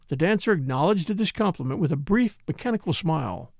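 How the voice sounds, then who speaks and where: Man, audiobook narrator, expressive storytelling, slightly high voice, dry close sound. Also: a little fast, hardly any pauses, no echo. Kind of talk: scripted narration.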